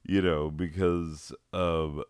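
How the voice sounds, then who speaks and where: A man rambling through a solo chat while high, swearing and giggling as he drifts off topic. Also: a little mellow, smooth, no echo, studio quality. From southwestern United States. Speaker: podcast host.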